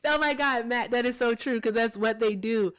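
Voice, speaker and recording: A woman hosting a casual livestream chat, talking in an animated, sarcastic way and laughing often. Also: fairly high pitch, normal speed, dry recording. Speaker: livestream host.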